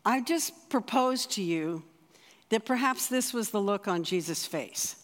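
An earnest speaker preaching in a relaxed, conversational way, stumbling and restarting phrases as ideas come. The voice sits in a middling pitch. A long reverb trails each phrase, as in a large church. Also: measured pace. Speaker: spiritual director giving a talk. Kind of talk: sermon.

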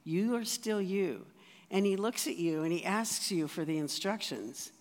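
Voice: mid-range voice, expressive, measured pace. A speaker giving sermon teaching to a congregation in a conversational way, with rhetorical asides to the listeners. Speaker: church teacher. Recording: long reverb in a large hall.

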